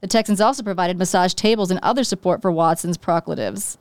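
A woman's voice: fairly low pitch, quick pace, smooth, no echo. A woman co-hosting a sports talk show, reading news updates in a matter-of-fact way. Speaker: co-host.

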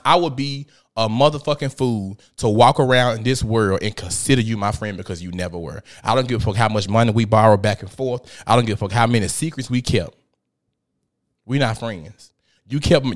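A man in his thirties hosting a podcast, telling a personal story in a candid, profane, emphatic way with dramatic swings in delivery. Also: mid-range voice. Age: 30s. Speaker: podcast host.

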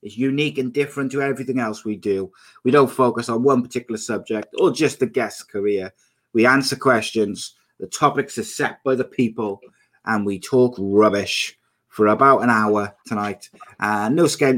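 A man's voice: medium pitch, normal speed, fairly bright tone. A young man hosting a casual live podcast, upbeat and chatty as he reads out viewer comments. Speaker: podcast host.

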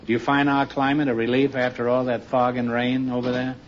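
Wisecracking male quiz host, mid pitch, on an old dull recording with clear hiss. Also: flat delivery. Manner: quick joking teasing delivery. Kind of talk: wisecracking quiz show banter.

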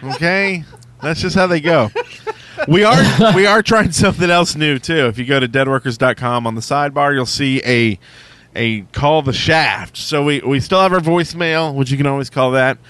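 A man's voice: fairly high pitch, moderate pace, a bit bright, slight background noise. A man hosting a podcast, chatting loosely and joking with occasional swearing. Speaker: podcast host. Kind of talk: casual podcast chat.

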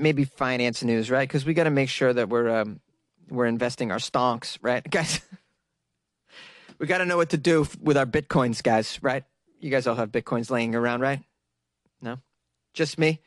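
A man hosting his own comedy news podcast, chatting casually and mocking himself with quick asides to listeners. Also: medium pitch, fairly bright tone, no echo, studio quality. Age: adult, working full-time. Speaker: podcast host.

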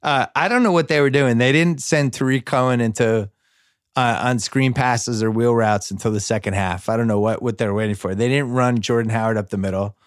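A man hosting a sports podcast, chatting casually with mock-sentimental excitement in quick rising bursts. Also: medium pitch, no room sound, studio quality. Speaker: podcast host.

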